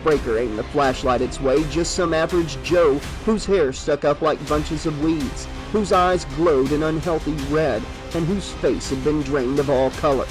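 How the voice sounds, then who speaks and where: A man giving a steady, measured audiobook narration of a horror novel. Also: a little high, over music, low-quality recording.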